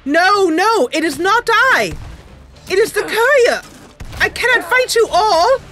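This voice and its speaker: A woman's voice: big pitch swings, moderate pace. A woman voicing a courteous, formal noblewoman adventurer who speaks in an old-fashioned way and shrieks when in danger. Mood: panicked screaming. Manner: old-fashioned formal speech, shrill screaming when attacked.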